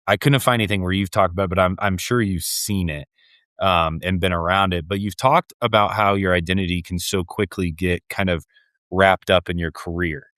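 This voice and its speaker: Male host in his thirties, low smooth voice, dry close mic, earnest questions. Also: fairly bright tone, no echo. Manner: earnest, halting, many fillers. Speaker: podcast host. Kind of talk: interview host.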